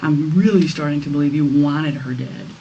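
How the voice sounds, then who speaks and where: A woman's voice: low-pitched, normal speed, mellow, highs cut off. A woman police detective pressing a suspect during an interrogation, firm and repetitive in her accusations. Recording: distant mic in a noisy interrogation room.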